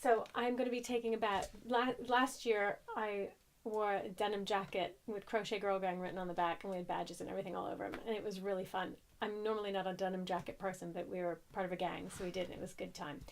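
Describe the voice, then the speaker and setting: A woman's voice: medium pitch, level tone, fast talker, a little hiss or hum. Chatty American woman crochet podcaster. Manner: chatty, rambling, self-deprecating. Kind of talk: casual chat.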